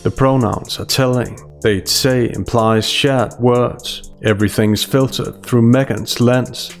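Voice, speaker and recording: A man's voice: medium pitch, fairly even intonation, takes it slowly, soft background music. A man giving a scripted analytical voice-over in a dry, sarcastic manner. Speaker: commentary channel host.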